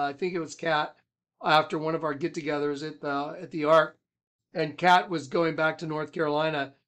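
A man who leads a ministry, telling a rambling personal story with emphatic swings from loud to hushed. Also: on the high side. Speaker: ministry leader.

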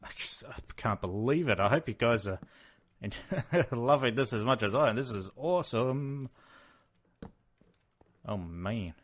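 A young man giving casual gameplay commentary, excitable, exclaiming and muttering to himself as he plays. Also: mid-range voice, measured pace, pauses often. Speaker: Let's Play host.

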